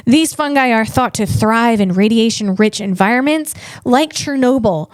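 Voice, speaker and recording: A woman comedian hosting her own podcast, reading facts and breaking off into playful riffs. Her voice sits fairly high, and she talks slowly, tripping over tricky words. The sound is dry and close. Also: no echo. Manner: playful, riffing asides, stumbles on hard words. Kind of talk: solo comedic podcast monologue.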